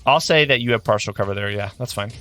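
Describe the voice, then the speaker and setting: A man's voice: lowish voice, quick pace, pushed and bright, faint music behind. A man acting as game master, giving rulings in a rambling, self-correcting way. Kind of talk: running a tabletop game.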